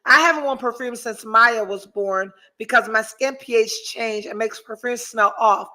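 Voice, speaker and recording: A woman's voice: a little high, normal speed, pushed and bright, rough recording. A woman in her forties hosting a podcast, chatting candidly and with lots of profanity, swinging theatrically between mock despair and laughter as she reads out viewer comments. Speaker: podcast host.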